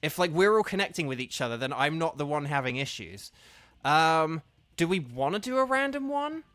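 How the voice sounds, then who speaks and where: Man, game streamer, patient chatty explainer, slightly high voice, dry close sound. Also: very animated, moderate pace, fairly bright tone, no echo, soft background music. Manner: patient, explaining step by step with many fillers. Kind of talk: casual live-stream chat with viewers.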